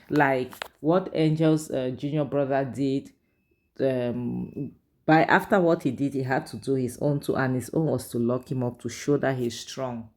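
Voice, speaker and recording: A woman's voice: extremely low pitch, a little mellow. A woman, casually recapping and reviewing a drama series in a chatty, opinionated way. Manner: chatty, opinionated, frequent "like" and "you know".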